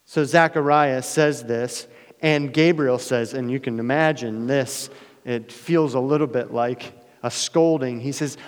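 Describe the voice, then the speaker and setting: Male pastor, mid-pitched, dramatic sermon delivery with loud peaks and quiet asides, long hall echo. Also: unhurried. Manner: dramatic, swings between loud emphasis and hushed asides.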